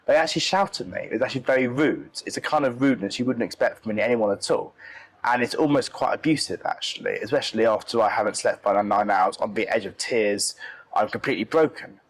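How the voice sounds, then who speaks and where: A man's voice: on the low side, fast, low-quality recording. A young man from the UK telling an interviewer an upsetting travel story, emotional and often repeating himself. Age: young adult. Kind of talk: casual storytelling.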